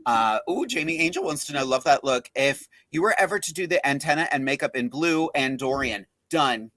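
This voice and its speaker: A man's voice: mid-range voice, lively intonation, a little fast, a bit bright, no room sound. A man in drag hosting a live stream, bubbly and chatty as he reads viewer comments. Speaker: drag queen host reading comments. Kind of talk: casual live-stream chat.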